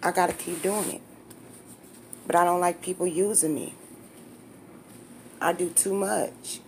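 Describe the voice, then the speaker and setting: A woman's voice: on the low side, fairly even intonation, unhurried, creaky, a little hiss or hum. A woman in her fifties talking straight to her viewers in a casual vlog, blunt, candid, slangy and emotional. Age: 50s. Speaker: vlogger.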